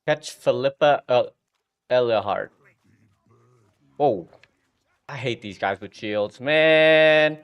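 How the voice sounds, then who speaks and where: A man streaming gameplay, reacting out loud with quick exclamations as he plays. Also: mid-range voice. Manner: excitable, exclaiming at the game. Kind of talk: live gameplay commentary.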